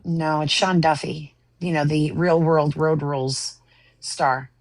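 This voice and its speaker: A woman's voice: low-pitched, steady tone, slow, no echo. A woman moderating a political panel debate, quizzing the others in a pointed, sarcastic way.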